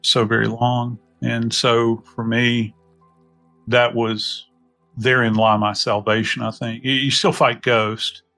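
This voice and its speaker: A middle-aged man from New Orleans with a Southern US accent, a podcast guest telling reflective stories in an unhurried, folksy way. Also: medium pitch, flat delivery, pushed and bright, faint music behind. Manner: unhurried, folksy, many "you know" asides. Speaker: podcast guest, death investigator. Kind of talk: reflective storytelling conversation.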